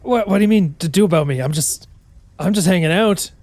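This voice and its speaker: Picture a shifty dwarf stowaway in a tabletop game, stammering and evasive, his voice pushed a little higher than normal, as a man puts him on. He sounds close and dry, with nothing around him. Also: a little fast, a little mellow, no room sound, close to an everyday voice. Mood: anxious.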